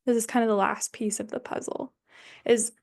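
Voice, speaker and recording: A young woman guides an online somatics workshop in a casual, candid way, thinking aloud and dropping the odd swear word. Her voice sits a little higher than most. She comes through a video call microphone. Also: steady tone, normal speed, creaky, darkish tone.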